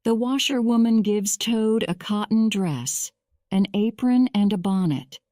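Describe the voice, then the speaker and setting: A woman reading a simple storybook aloud for English learners, clear and deliberate. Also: mid-range voice, mellow, no room sound, studio quality. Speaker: narrator. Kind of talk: slow scripted story narration for English learners.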